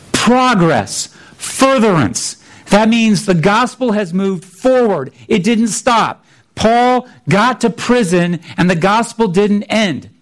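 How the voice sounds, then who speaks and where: A man preaching a sermon in a conversational way, often restarting his sentences. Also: sits high. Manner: conversational, restarts often, acts out voices of biblical figures. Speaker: pastor.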